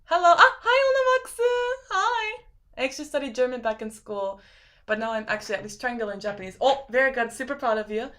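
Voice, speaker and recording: A woman in her twenties with a noticeable lisp hosts a relaxed live stream, answering comments as she goes. Her voice sits a bit above the usual height for a woman. She rambles, restarts herself and laughs easily between thoughts. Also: fairly high pitch, quick pace. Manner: rambling, filler-heavy, laughs often. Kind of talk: casual chat reading viewer comments.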